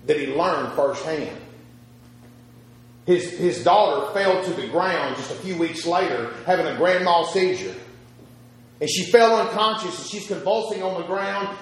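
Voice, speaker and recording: High-voiced preacher in an echoey hall. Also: male voice. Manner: storytelling with pauses, repeats words, swings loud and soft. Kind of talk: sermon.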